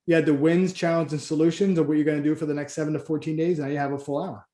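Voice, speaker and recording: A man's voice: fairly high pitch, flat delivery, racing, dark tone, roomy sound. A man coaching a group in a casual training session, talking loosely with many restarts and acting out both sides of a conversation with a client. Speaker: Christian business coach.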